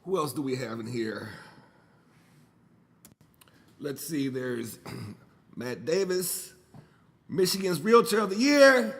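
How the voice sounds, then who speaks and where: A man's voice: on the high side, expressive, slow, pauses often, in a large hall. A man whose first language is Spanish, hosting a podcast alone from home. He rambles loosely, swears freely and jokes as he talks. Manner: loose, profane, joking and rambling. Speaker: podcast host. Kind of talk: casual solo podcast monologue.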